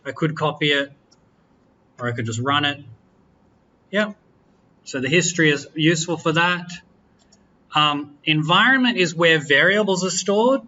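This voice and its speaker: Male lecturer, casual and joking, tense bright tone, lo-fi classroom capture. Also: fairly high pitch, unhurried, long pauses, slight background noise. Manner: relaxed, chatty, self-correcting, jokes with students. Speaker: university lecturer. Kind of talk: classroom software walkthrough. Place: lecture room.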